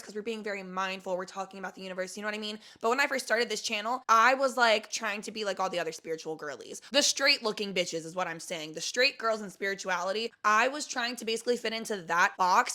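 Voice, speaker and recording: A young woman from Cincinnati chatting casually to camera, blunt and raunchy, swearing freely, a little high. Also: sharp tone. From Cincinnati, Ohio. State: high, smoking while talking. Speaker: spiritual gardening vlogger.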